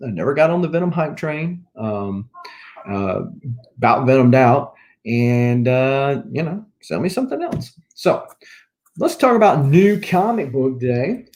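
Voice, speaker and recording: Mellow-voiced Southern US man. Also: mid-range voice, animated, moderate pace. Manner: rambling, chatty, listing items one by one. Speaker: comic book collector vlogger. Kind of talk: casual show-and-tell chat.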